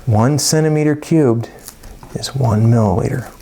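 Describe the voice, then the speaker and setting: A man's voice: medium pitch, unhurried, mellow, a little hiss or hum. A middle-aged man teaching a chemistry lesson in a casual, folksy, rambling way, with jokey asides. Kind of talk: casual lecture.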